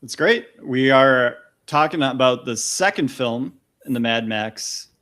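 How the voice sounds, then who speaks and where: A man's voice: mid-range voice, lively intonation, unhurried, fairly bright tone. A man hosting a podcast, explaining things in a friendly, casual way. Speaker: podcast host. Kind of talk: casual chat.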